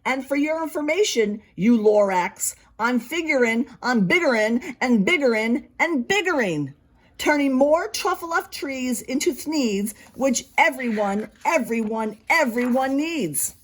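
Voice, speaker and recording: A woman's voice: sits high, animated, measured pace. A woman doing a ranting greedy factory man. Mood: defiant. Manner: defiant, shouting. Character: stubborn greedy male factory owner, ranting.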